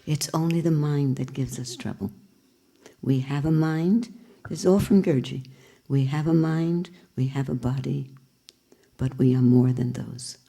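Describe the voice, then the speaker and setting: A woman teacher gives a spiritual talk, slow and reflective. Her voice is low and gravelly, with a dark, mellow tone, and she speaks in earnest, unhurried phrases.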